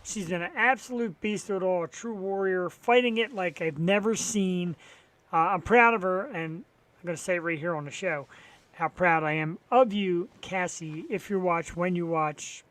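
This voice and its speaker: High-voiced man rambling on a live show. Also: moderate pace, fairly bright tone, no echo. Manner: rambling, profane and wry, sarcastic about sports. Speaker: talk show host. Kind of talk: solo live-stream chat filling time.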